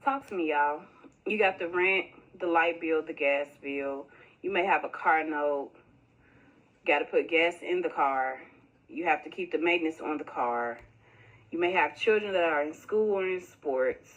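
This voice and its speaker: A woman's voice: low voice, a little slow, highs cut off. A tired, candid woman talking casually to her viewers about her bills. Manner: weary, candid.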